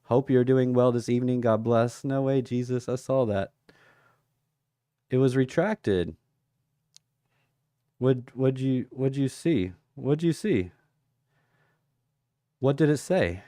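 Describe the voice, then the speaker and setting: A man's voice: mid-range voice, takes it slowly, pauses often, dark tone, dry recording, clean studio sound. A man hosting a casual livestream, chatting with viewers and reading out their comments while talking through charts. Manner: chatty, reads out viewer comments and thinks aloud. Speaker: crypto livestream host.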